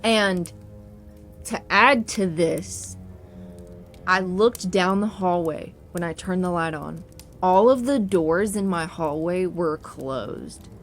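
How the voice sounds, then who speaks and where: A woman's voice: lowish voice, slow pace. A young adult woman telling a spooky personal story in a casual social-media style, cursing freely and laughing as she goes. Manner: profane, chatty, laughs through it. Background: faint spooky piano music.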